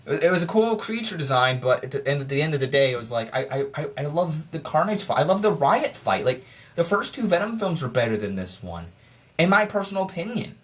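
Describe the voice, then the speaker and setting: A film reviewer giving a casual spoiler review, rambling and excitable, often restarting sentences and firing off frustrated rhetorical questions. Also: mid-range voice, a little fast. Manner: rambling and excitable, with frequent restarts and stammered repeats.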